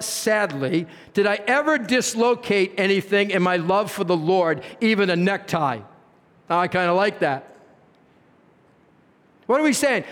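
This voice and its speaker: A man preaching a sermon as pastor, earnest, with rhetorical questions and swings in emphasis. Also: high voice. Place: church sanctuary. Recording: reverberant church hall.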